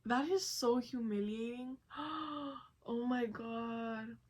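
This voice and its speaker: Animated, foul-mouthed woman vlogger. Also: a little high, slow pace, rough recording. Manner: animated, profane, laughing asides. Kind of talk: casual reaction commentary.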